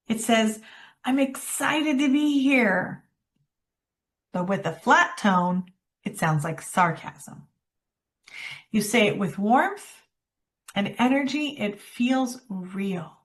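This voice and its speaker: Slow, expressive woman speaking coach. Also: medium pitch. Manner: expressive, demonstrates phrases with dramatic pauses. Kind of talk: workshop presentation.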